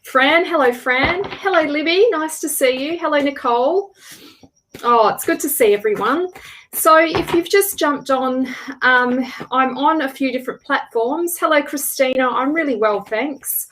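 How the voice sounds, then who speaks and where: A chatty woman in her thirties hosts a tarot livestream, greeting viewers one by one in a fairly high voice. She restarts her sentences often, and she drifts off the mic now and then. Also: a little slow, slight background noise. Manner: chatty, warm greetings, frequent restarts and laughs. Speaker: tarot reader hosting a livestream.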